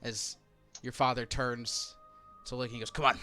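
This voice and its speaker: A man's voice: mid-range voice, flat delivery, unhurried, pushed and bright, soft background music. A man narrating as game master of a tabletop game, descriptive, sometimes correcting himself mid-sentence.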